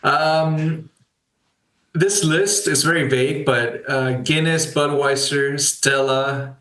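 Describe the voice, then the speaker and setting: Laid-back male co-host, slow and bright, roomy echo. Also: a little high. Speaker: podcast co-host. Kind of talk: casual banter.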